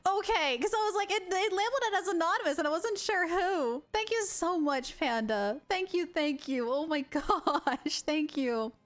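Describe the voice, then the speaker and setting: Young woman streamer, high and bouncy voice, gushes and giggles with her chat, faint music underneath. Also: normal speed, few pauses. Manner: excitable, gushing, giggly. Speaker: game streamer.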